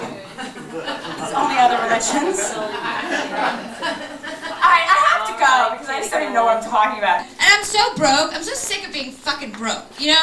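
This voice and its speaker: A young woman doing a stand-up comedy set in a small venue, brash, profane and self-mocking, taped on a camcorder from the audience. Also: high voice. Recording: echoey room taped from far off.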